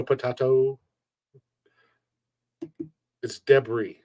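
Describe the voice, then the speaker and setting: A man hosting a live-stream podcast, talking loosely and bluntly, swearing freely and breaking into laughs. His voice sits at an ordinary middle pitch and sounds close and dry, with no room around it. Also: expressive, normal speed, long pauses, no echo. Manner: blunt, profane, joking rants; laughs often between remarks. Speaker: podcast host reading chat. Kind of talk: casual live-stream chat.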